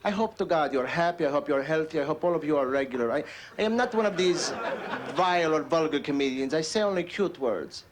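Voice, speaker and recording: A man's voice: on the high side, lively intonation, brisk, noisy background. A man from Philadelphia doing a stand-up routine in a mock-earnest, exaggerated manner. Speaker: stand-up comedian. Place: comedy club stage. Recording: live comedy club with crowd laughter.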